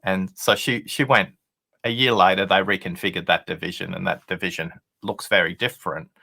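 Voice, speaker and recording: Over a video call, an author guest on a leadership show tells a story conversationally, earnest and explanatory, acting out quoted speech. His low voice is fairly quick, with fairly even intonation, vocal fry and a pushed, bright quality.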